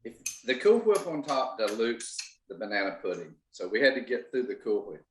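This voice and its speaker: A man's voice: on the low side, expressive, normal speed, fairly bright tone, echoey room, slight background noise, poor audio. A man chatting playfully on a video call. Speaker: class participant. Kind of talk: casual chat on a video call.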